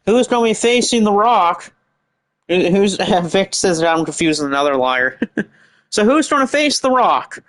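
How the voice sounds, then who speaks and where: A man giving excited, rambling play-by-play commentary over a wrestling game, with chatty asides. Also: high voice, moderate pace, low-quality recording.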